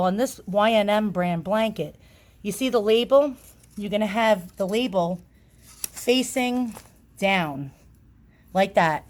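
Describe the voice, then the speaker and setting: New York woman, mid-pitched, casual how-to demo, chatty with fillers. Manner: chatty, with frequent ums and uhs. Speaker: product demonstrator.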